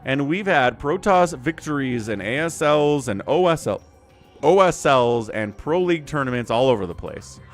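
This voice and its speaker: Brief: male streamer-caster, animated pitch, chatty, bursts of excited play-by-play, faint music behind. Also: moderate pace. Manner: chatty, turns to excited play-by-play during fights. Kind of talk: live-stream game commentary and chat with viewers.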